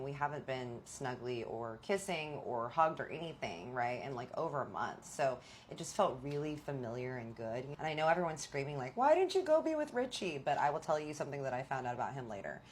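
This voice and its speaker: A woman's voice: a bass voice, a little fast, few pauses, a little hiss or hum. A woman vlogger telling a personal story in a chatty, confiding way, speaking straight to her viewers. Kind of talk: casual storytelling.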